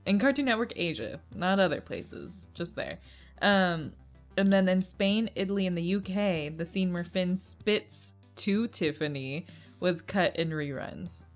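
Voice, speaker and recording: A woman's voice: lowish voice, expressive, unhurried, faint music behind. A young woman co-hosting a podcast, chatting casually, giggly and sharing trivia. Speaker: podcast co-host. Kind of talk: casual chat recapping a cartoon.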